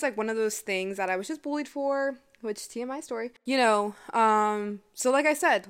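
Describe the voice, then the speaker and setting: Twenties woman hosting a personal podcast. Smooth, mid-pitched voice. Casual and heartfelt, full of "like". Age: 20s. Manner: chatty and emotional, lots of "like" and "I mean". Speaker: podcast host.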